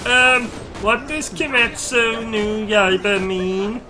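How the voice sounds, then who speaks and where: A man's voice: sits high, fairly even intonation, takes it slowly, over music, pitched above the performer's own voice. A man voicing a timid, hesitant male sidekick who opens nearly every line with a nervous "um".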